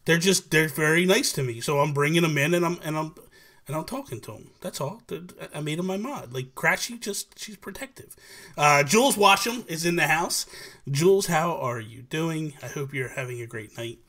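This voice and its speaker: A man hosts a relaxed live chat, his voice sitting a bit high. He rambles with energy, often starting a sentence over. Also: moderate pace. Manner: animated, rambling with many restarts, greets chatters. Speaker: livestream host.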